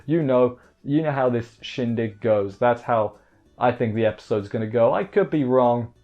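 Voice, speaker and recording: A male anime reviewer gives a rambling, wry recap of an episode, often restarting and leaning on fillers. Medium in pitch and normal in speed, his voice comes through a dull lo-fi mic with faint music.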